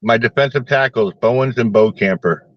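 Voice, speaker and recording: A man appearing as a guest on a casual sports podcast, calmly running through his picks. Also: mid-range voice, normal speed, no echo, lo-fi sound.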